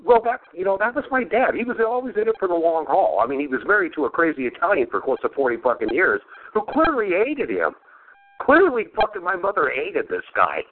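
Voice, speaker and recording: A man's voice: high voice, very animated, a little fast. Laughing, cursing man on a tinny line. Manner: profane, laughs often while telling stories. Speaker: podcast host. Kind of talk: casual storytelling chat. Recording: phone-like narrow sound.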